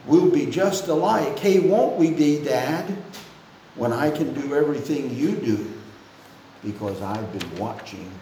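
A man's voice: mid-range voice, animated, unhurried, dark tone, a little hiss or hum. A man reading out the lines of a four-year-old boy from a song lyric during a sermon, in a slightly sing-song voice. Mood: tender. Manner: sing-song, lightly raised voice. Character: eager four-year-old boy admiring his dad. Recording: echoey church room.

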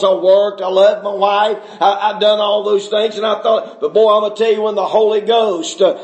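High-voiced shouting Baptist-style preacher. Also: male voice. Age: middle-aged. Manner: fervent, rising to shouts, Southern preaching cadence. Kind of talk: testimony sermon.

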